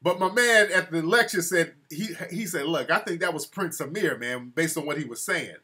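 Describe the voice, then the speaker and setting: A man's voice: on the high side, lively intonation, normal speed, pushed and bright, breathy edge. A man hosting a live call-in show, mocking callers in loose street slang. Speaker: host.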